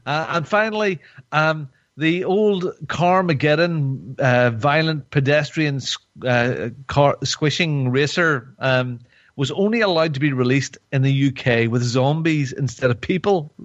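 A man's voice: fairly high pitch, measured pace, no echo, muffled recording. A man hosting a casual podcast chat, rambling and joking with lots of fillers and restarts, a little tipsy from wine. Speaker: podcast host.

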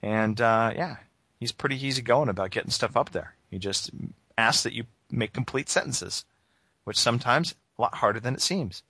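A man's voice: medium pitch, lively intonation, moderate pace, sharp tone, slightly rough, no echo. A man hosting a gaming podcast, chatting casually and joking, with plenty of fillers. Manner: joking, rambling with many fillers. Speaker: podcast host.

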